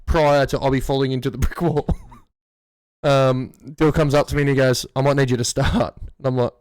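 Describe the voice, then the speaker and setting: A man's voice: medium pitch, fairly even intonation, moderate pace, a little mellow, dry recording, studio quality. A man co-hosting a casual sports podcast, telling stories with lots of swearing and laughter. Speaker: podcast co-host, amateur footballer. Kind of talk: casual banter.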